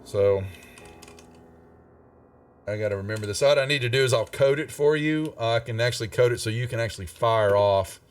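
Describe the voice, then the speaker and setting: A man acting as dungeon master in a live tabletop game, talking loosely with many fillers and restarts. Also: on the low side. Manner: relaxed, rambling, lots of fillers. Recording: distant mic with music behind.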